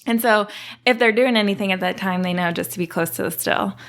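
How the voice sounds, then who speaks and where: A woman guest on a podcast, explaining how her distillery works in a relaxed, chatty way and laughing easily. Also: mid-range voice, brisk. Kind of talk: casual podcast interview.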